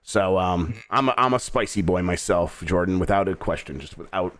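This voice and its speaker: Low-voiced American host reading game news. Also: male voice, moderate pace, a bit bright, no echo. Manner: easygoing, many uh fillers, reads headlines then riffs. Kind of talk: casual news chat.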